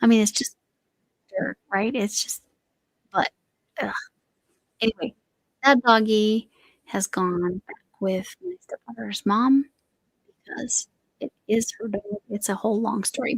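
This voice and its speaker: A woman's voice: medium pitch, unhurried, gravelly, pauses often, husky, no echo, poor audio. A middle-aged woman hosting a crochet livestream, rambling in casual chat with a voice that is slightly going. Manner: rambling, chatty, trails off and restarts.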